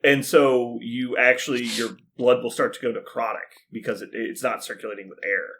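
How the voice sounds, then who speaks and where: A man on a podcast talking in a plain, mid-pitched voice. He explains things matter-of-factly to his friends with a dry, wry touch. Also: fairly even intonation, moderate pace, fairly bright tone. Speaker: podcast co-host. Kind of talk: casual chat.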